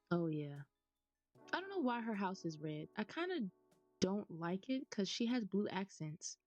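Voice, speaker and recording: A woman's voice: medium pitch, big pitch swings, moderate pace, a little mellow. A young American woman giving chatty, rambling commentary over a video game and laughing often. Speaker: gaming YouTuber. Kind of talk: casual gameplay commentary. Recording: slightly dull recording, faint music.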